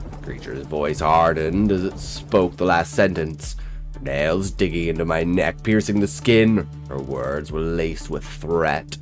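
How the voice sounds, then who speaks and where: A man's voice: a bass voice, unhurried, over music. A man giving scripted first-person horror narration with a dramatic, intense delivery. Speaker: storyteller.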